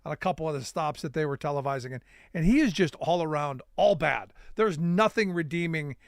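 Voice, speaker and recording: A man hosting a political talk show, chatting in a halting way with many restarts and self-deprecating asides. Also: a little high, dry recording, studio quality. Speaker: radio talk show host.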